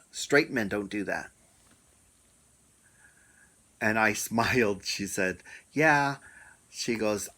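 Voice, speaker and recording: A middle-aged man telling a personal story in a reflective, unhurried way, pausing often. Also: fairly low pitch, bright, forceful tone. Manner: unhurried, reflective, with many pauses and fillers. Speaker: storyteller sharing a personal experience.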